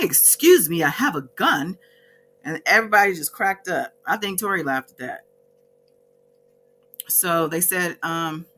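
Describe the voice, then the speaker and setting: A woman's voice: sits low, sharp tone, slight background noise. A woman vlogger casually recapping a court day from her notes, with chatty asides and frequent self-corrections.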